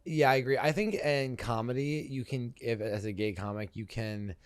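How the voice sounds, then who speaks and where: A man with a mid-range voice co-hosts a comedy podcast, trading deadpan quips and hesitating through answers with fillers. He is recorded close and dry. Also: mid-range voice, normal speed, clear, resonant tone, dry recording. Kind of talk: casual podcast chat.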